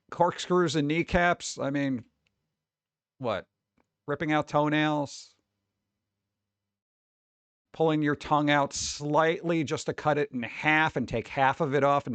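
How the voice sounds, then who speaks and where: A man hosting a casual live stream, rambling and mocking things with sudden jumps up into a high voice. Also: no echo. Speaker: streamer host.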